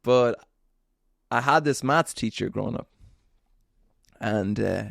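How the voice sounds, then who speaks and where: Earnest man with gravelly voice. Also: medium pitch, slow, no room sound, studio quality. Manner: storytelling, earnest and motivational with self-deprecating asides. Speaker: podcast host. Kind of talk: casual monologue.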